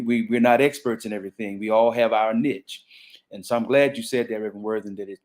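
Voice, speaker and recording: Male pastor on a panel, low voice, thoughtful and halting. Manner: reflective, frequent restarts and fillers. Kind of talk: panel conversation.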